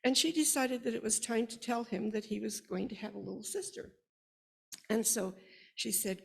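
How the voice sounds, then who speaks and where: A woman's voice: medium pitch, steady tone, moderate pace, gravelly. An older woman sharing family stories into a microphone at a worship service, often laughing as she tells them. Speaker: congregation member sharing stories. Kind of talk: personal storytelling at a worship service. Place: congregation's worship space.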